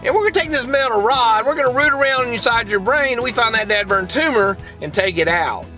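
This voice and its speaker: A man's voice: very high voice, animated, a little fast, pushed and bright, faint music behind, voice pushed up, exaggerated voice. A man doing an impression of a comedian playing a folksy surgeon with a strong Southern US accent, in a raised, exaggerated drawl. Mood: mock-serious.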